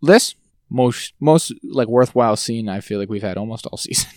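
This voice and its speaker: A man co-hosting a podcast in casual chat, ranting in an exasperated way with sudden jumps in pitch. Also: normal speed, a little mellow, dry recording, studio quality. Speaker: podcast co-host.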